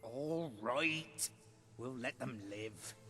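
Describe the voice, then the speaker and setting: An actor playing a fussy middle-aged chicken keeper in a game, theatrical and exasperated. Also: male voice, mid-range voice, very slow, sharp tone.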